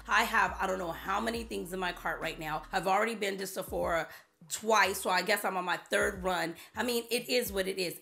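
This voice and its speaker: Female vlogger, bubbly chatty delivery, bright tone, vocal fry, faint music behind. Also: medium pitch. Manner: bubbly, chatty, repeats herself for emphasis. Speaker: beauty vlogger. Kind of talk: casual chat to camera.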